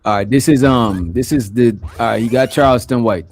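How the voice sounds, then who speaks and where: He speaks a little fast in a medium-pitched, slightly mellow voice. The man hosts a livestream with loose, rambling, casual commentary full of filler, often dropping "you know what I'm saying."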